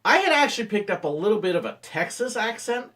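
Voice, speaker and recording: A former theme park ride operator tells playful stories from the job in a casual vlog. His voice is animated, and his pitch roams widely as he builds to each punchline. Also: quick pace. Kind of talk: storytelling vlog narration.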